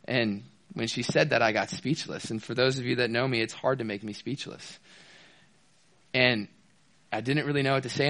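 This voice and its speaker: A young man delivering a sermon in a conversational, storytelling way. He acts out the quoted lines of the people in his stories. His voice sits at an ordinary middle pitch. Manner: storytelling with animated quoted dialogue. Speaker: preacher.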